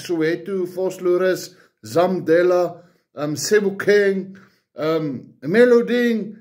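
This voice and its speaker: A man's voice: high-pitched, animated, slow, pauses often, a little mellow. Angry South African man ranting. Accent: South African, Afrikaans-speaking. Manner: blunt, profane, repeats points with rhetorical questions. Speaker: political commentator. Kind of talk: angry political rant to camera.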